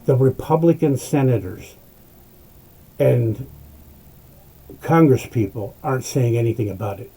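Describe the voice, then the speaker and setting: A man's voice: mid-range voice, expressive, measured pace, pauses often, mellow, husky, low-quality recording. A man hosting a political talk show, ranting in a fired-up way and swearing as he urges listeners to act. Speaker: host.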